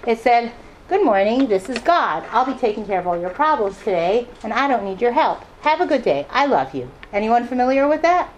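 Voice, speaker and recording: A woman's voice: a little high, brisk, dull audio, a little hiss or hum. A middle-aged woman telling a personal story to an audience, acting out the voices of the people she quotes. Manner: animated, acts out quoted voices. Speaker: speaker addressing an audience.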